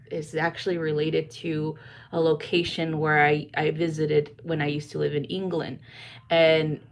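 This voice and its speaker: A woman psychic reader chatting casually to viewers in a rambling way, with lots of fillers and swearing. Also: low voice.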